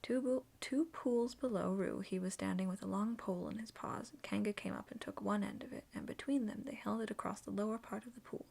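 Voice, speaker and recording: A woman reading a children's story aloud in soft, slow whispered role-play. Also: medium pitch, gravelly, slightly rough.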